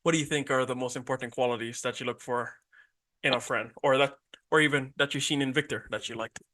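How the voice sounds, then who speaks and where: A podcast host in casual interview chat, speaking softly and asking the guest questions. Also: mid-range voice, fairly even intonation, quick pace.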